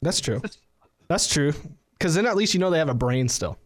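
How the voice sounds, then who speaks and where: Animated, joking man in casual banter. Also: fairly high pitch, normal speed. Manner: animated, jokey, acts out quotes. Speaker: podcast co-host.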